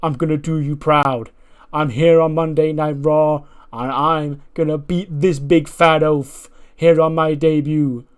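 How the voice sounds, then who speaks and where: A man doing a cocky, high-voiced young wrestler. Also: fairly even intonation, clean tone, lightly acted. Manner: raised, drawn-out, taunting. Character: cocky young male wrestler, taunting and boastful.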